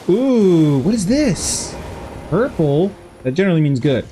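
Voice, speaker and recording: A man's voice: fairly high pitch, sing-song, takes it slowly, mellow, a little hiss or hum. A man streaming a game live, commenting in a playful, giggly and goofy way. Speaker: gaming streamer. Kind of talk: live let's-play commentary.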